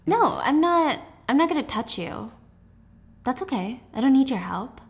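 A woman's voice: sits high, normal speed. Chatty young woman recapping a story. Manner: chatty, animated retelling. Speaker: video host. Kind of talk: casual book recap.

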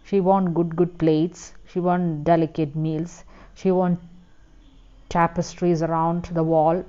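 Teacher explaining a story. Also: female voice, lowish voice, little pitch movement, takes it slowly, warm tone, clear, resonant tone. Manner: explains words, asks the class questions. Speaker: school teacher. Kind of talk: explaining and reading a story aloud in class. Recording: dull lo-fi recording.

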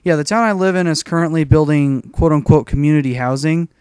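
A man's voice: on the high side, fast, a little mellow, clean tone, no room sound. A young man telling a rambling, profane story in a casual rant over gameplay. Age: young adult. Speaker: gaming commentator.

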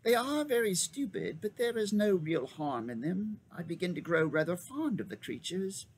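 A genial, fussy old magician, as a male reader puts him on, speaking in a high, lilting old-man voice. His pitch leaps and swoops with lively storybook animation. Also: moderate pace, slightly rough, full character voice. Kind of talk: storybook read-aloud.

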